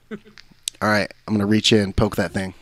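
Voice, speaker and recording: A man's voice: on the low side, steady tone, normal speed, no echo. Joking, swearing man playing a tabletop game. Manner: swearing, joking, riffing rhymes. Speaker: player.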